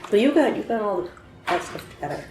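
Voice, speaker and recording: A woman player chatting with friends before a tabletop game, teasing and quick to object. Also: medium pitch, big pitch swings. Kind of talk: casual chat among friends. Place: home room around a game table. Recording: echoey room with background noise.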